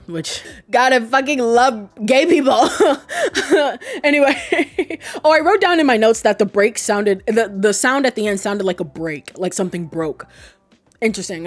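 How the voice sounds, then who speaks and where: A woman chatting casually through a game theory video, retelling scenes with quoted lines and frequent laughs. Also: medium pitch. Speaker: video essay creator.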